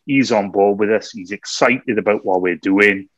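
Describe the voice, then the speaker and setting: A man co-hosting a podcast, telling a story in a lively way, often laughing and acting out what people said. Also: lowish voice, moderate pace, no room sound. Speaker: podcast co-host. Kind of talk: anecdotal storytelling. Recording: slightly dull, dry recording.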